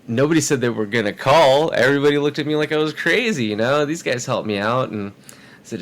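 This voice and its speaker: A man with a medium-pitched voice talks fairly quickly over a little hiss or hum. He's a guest on a casual podcast, telling a story with animation and performing the quoted voices of its characters.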